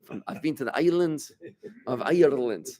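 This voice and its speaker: Here a rabbi with a warm, mid-range voice leads a casual class for a few people in a room. He talks at a normal pace with animated delivery, restarts his sentences frequently, and keeps quizzing the group.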